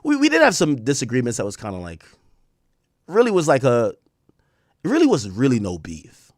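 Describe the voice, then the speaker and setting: A man hosting a livestream, telling a long story in a casual, mocking, profane way and slipping into quick impressions of other people. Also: medium pitch, no echo, clean studio sound. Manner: animated, profane, mocking impressions, laughs often. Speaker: streamer host.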